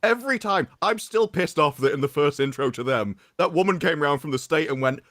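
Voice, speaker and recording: A man's voice: on the high side, animated, a little fast, fairly bright tone, no echo, studio quality. A man on a podcast, casually chatting as a fan and laughing often. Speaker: podcast guest. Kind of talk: casual chat.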